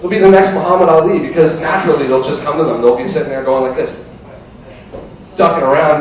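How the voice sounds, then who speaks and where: A young man performs an amateur stand-up set in a bar, crude and rambling as he chats with the crowd. His voice is a little high and quick. A far-off camera captures it, very echoey, with crowd chatter and laughter around him.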